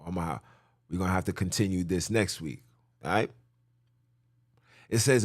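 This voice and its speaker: A man's voice: low voice, big pitch swings, moderate pace, pauses often, no echo, clean studio sound. A man hosting a podcast, reading scripture aloud and preaching on it in a blunt, emphatic, repetitive, informal way. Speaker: podcast host teaching scripture.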